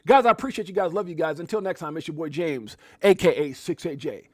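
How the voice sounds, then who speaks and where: A man hosting a casual crypto livestream, giving hyped viewer shout-outs that swing from low mumbles to loud shouted catchphrases, his throat getting scratchy. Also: lively intonation, quick pace, few pauses, dry recording, studio quality.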